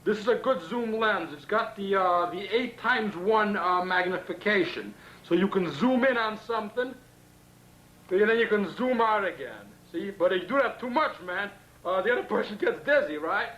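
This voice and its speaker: A man's voice: high voice, lively intonation, normal speed, a bit bright, rough recording. A young man giving a rambling, chatty camcorder tour of his apartment, tossing in "man" and "see" as he films. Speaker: home video host. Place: small apartment bedroom. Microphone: camcorder built-in mic.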